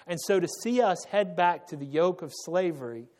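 A man preaching an unscripted sermon, pausing on fillers and correcting himself as he goes. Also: high-pitched, animated, darkish tone. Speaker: pastor.

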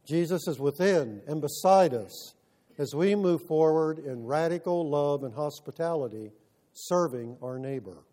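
A man preaching a sermon, telling a story in an earnest, measured way with pauses. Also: a little high, mellow.

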